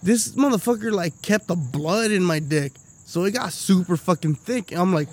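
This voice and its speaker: A man with a high voice chats on a podcast, profane and lively. He tells his stories with plenty of laughter and swearing, loose and unfiltered. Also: moderate pace, heavy background noise. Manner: profane, animated storytelling with lots of laughing. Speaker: podcast co-host. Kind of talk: casual chat.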